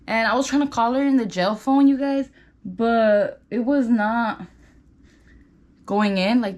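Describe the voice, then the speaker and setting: Chatty young woman with roots, high voice. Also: darkish tone. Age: young adult. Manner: chatty, filler-heavy, "like" and "you guys". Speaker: vlogger. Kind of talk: storytime while doing makeup. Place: indoors at home.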